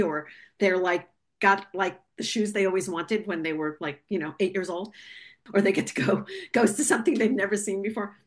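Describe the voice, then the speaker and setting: A woman filmmaker telling a lively story on a video call, talkative and animated, acting out the voices of people she quotes. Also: mid-range voice, moderate pace. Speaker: documentary filmmaker, guest.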